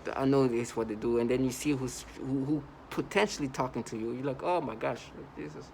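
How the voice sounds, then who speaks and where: A man of middle pitch talks straight to his viewers in a loose, insistent monologue. He keeps circling back and restarting his phrases. A faint hiss sits under his voice. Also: steady tone, fast talker, darkish tone, low-quality recording. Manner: repetitive, emphatic, many restarts. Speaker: vlogger. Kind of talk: casual monologue to camera.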